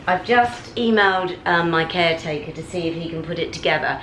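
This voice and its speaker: A middle-aged British woman talking to camera in a casual vlog, ranting animatedly with big swings in pitch. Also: fairly quick, hardly any pauses, fairly bright tone, a little hiss or hum, low-quality recording. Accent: British English. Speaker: vlogger. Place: at home and out on a city street.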